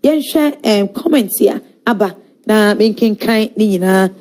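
A middle-aged woman, hosting a live talk show, reading viewer comments aloud in a lively way and laughing often. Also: medium pitch, measured pace, slight background noise. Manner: animated, switching between Twi and English, laughing often.

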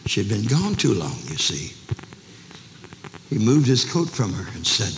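An older man preaching a dramatic sermon to a large camp meeting, acting out each character's voice, shouting one moment and whispering the next. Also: fairly low pitch, very animated, measured pace, long pauses. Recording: live sermon recording, long hall reverb, faint noise.

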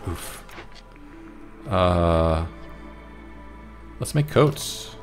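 A man with a very low voice talks his way through a strategy game, half to himself, dry and self-mocking. Faint game music and clacking keys sit under his voice at a home desk setup. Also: lively intonation, drawn-out words. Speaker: gameplay commentator. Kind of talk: casual let's-play commentary.

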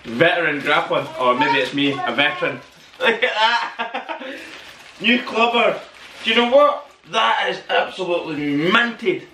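A man's voice: sits high, animated, measured pace, sharp tone. A man hosting an unboxing vlog, chatty and full of exclamations. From Northern Ireland. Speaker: channel host. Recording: echoey room, mic at a distance, noisy.

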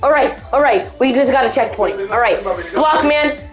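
A young woman playing a video game and commenting, often yelling and cheering at what happens on screen. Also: high-pitched, lively intonation, normal speed, low-quality recording. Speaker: gamer. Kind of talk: let's play commentary. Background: game music.

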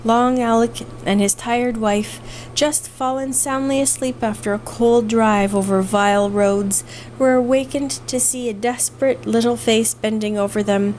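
A woman narrating a classic novel aloud in a measured, expressive reading. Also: fairly high pitch, a little hiss or hum, rough recording. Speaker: audiobook narrator. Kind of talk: scripted narration.

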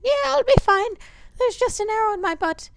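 A squeaky little boy. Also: animated, brisk, vocal fry, a bit bright, dry recording, clean studio sound, exaggerated voice. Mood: chirpy. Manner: chirpy, cheerfully shrugging off injuries. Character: small young boy, the player's son, cheerful. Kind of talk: gameplay commentary.

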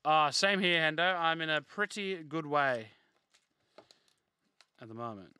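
A young man running a live card break stream, rattling through player names between bits of casual chat. His voice is very bright and ringing and sits a touch high, and the recording is close and dry with almost no room sound. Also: animated, a little slow, clear, resonant tone, dry recording. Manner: rattles off player names while chatting with viewers.

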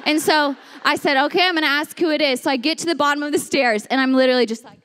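A young woman giving a chatty, animated sermon, telling a story and acting out the voices in it. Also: high-pitched, quick pace, big-room sound. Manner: lively, chatty, acts out voices in her story. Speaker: speaker at a women's church series.

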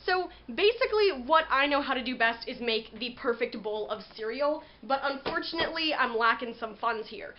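A woman's voice: a little high, normal speed, few pauses, muffled recording, slight background noise. A woman from New England with an American accent hosting a comedic how-to vlog in a playful, chatty way that leans on filler words. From New England, United States. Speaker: vlog host.

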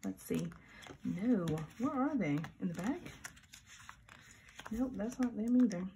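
A woman's voice: a little high, animated, takes it slowly, dark tone, a little hiss or hum. A middle-aged woman, chatting casually and animatedly while decorating a planner, with mock-grumpy asides. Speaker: planner vlogger. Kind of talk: casual plan-with-me chat.

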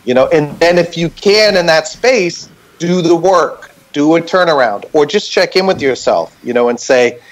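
Guy on a video call guesting on a podcast, kinda high voice, earnest and reflective, keeps saying right?. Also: expressive, measured pace, hardly any pauses. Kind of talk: candid conversational storytelling.

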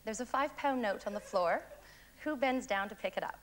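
Canadian woman contestant, rapid and breezy, slightly high voice, noisy broadcast. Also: a bit bright. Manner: brisk, joking. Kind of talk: TV show interview answers.

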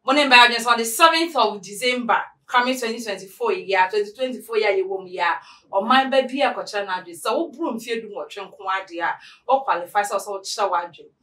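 Bright Ghanaian woman hosting a talk show. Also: medium pitch, a little fast, roomy sound, distant mic, rough recording. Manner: chatty, mixes in English phrases. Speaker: show host.

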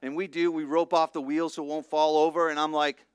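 A middle-aged man, a pastor, preaching a sermon with lively storytelling that swings between hushed and loud. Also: fairly high pitch, a little fast, few pauses, clear, resonant tone, dry recording, clean studio sound. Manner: animated storytelling, acts out voices, swings from soft to loud.

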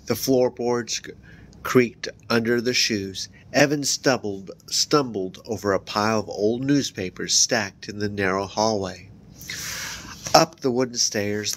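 A man with a fairly low voice reads a children's horror book aloud. He lifts his voice higher and louder for the characters' lines, then sinks back down for the narration tags. A faint low rumble sits behind the recording. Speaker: book reader.

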